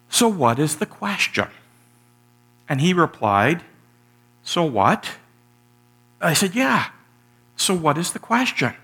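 A middle-aged male pastor delivering a sermon in a bright, forward voice. He tells the story in a relaxed way, with "uh" fillers and restarts. Then he rises to emphatic, energetic peaks. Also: medium pitch.

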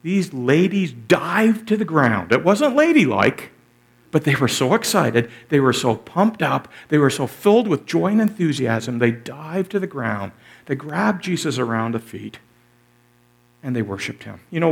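A pastor preaches a sermon, enthusiastically retelling scripture, repeating phrases for effect as his volume surges and drops. His mid-range voice is slightly rough, with vocal fry.

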